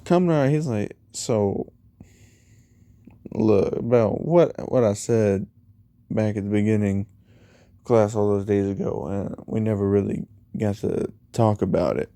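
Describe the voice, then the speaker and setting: Slow, mellow man rambling through a story. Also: fairly low pitch, dry recording. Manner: rambling, retells dialogue with 'he's like' and 'you know'. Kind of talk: casual fan-fiction storytelling.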